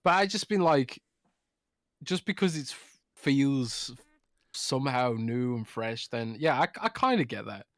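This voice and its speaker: A man's voice: mid-range voice, animated, measured pace, no room sound. Drunk, sweary man on a podcast. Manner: loose, rambling and sweary. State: drunk, slurring words. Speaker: podcast co-host. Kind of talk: casual podcast chat.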